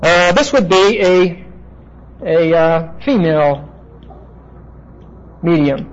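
A Bible teacher with a high voice and lively intonation lectures while working through terms at the board. He explains patiently but halts often on "uh" fillers. The recording is dull and lo-fi.

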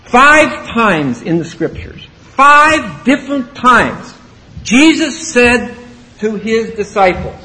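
A man preaching an expository sermon, emphatic and rising to loud exclamations. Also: very high-pitched, very animated, takes it slowly, low-quality recording.

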